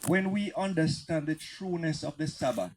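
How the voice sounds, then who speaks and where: A man with a fairly high voice joins the talk with a slow, earnest comment. He hesitates and fills gaps as he goes. Steady hiss sits under his voice on the line. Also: low-quality recording. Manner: measured, earnest, with hesitant fillers. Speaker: call participant. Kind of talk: sermon comment.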